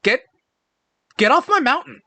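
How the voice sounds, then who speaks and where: A man's voice: extremely high pitch, very animated, measured pace, creaky, bright, forceful tone, dry recording, voice pushed up, full character voice. A man voicing a laid-back male skeleton who drawls in casual slang. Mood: grumbling. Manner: drawling, filler-heavy slang.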